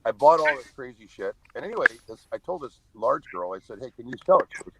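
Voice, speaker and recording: A man's voice: medium pitch, sing-song, quick pace, vocal fry, breathy edge, no room sound, poor audio. Blunt, profane man. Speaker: podcast guest. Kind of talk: casual storytelling.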